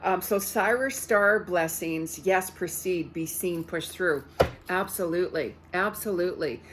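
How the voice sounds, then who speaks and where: A woman psychic talks straight to her viewers as she pulls cards, in a rather low voice. She rambles easily, leaning on "like" and "you know" and doubling up her words. A faint noise sits under the recording. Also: unhurried. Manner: chatty, full of "like" and "you know", repeats words. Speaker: psychic medium and card reader. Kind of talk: casual spiritual card reading for viewers.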